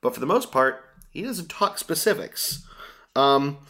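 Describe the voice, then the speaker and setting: A man's voice: fairly high pitch, sing-song, measured pace, sharp tone. A man co-hosting a casual podcast chat, explaining things in detail and getting mildly exasperated. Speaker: podcast co-host.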